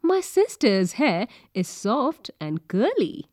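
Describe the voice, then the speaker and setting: A woman reading page numbers, vocabulary and questions from a school textbook in a clear, careful classroom manner. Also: a little high, very animated, takes it slowly, a little mellow, no room sound, studio quality. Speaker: textbook reader. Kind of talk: reading lesson prompts and questions.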